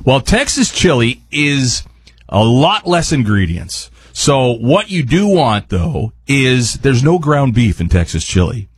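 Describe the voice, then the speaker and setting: A man's voice: medium pitch, sing-song, slow pace, breathy edge, no echo. A man appearing as a guest chef on a radio show, talking through a recipe in a rambling, jokey, chatty way. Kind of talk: casual cooking chat on radio.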